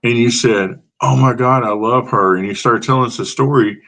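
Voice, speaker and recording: A man's voice: mid-range voice, normal speed, vocal fry, fairly bright tone. A man hosting a talk show, asking questions in a loose, easygoing way with "you know" fillers. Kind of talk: casual interview.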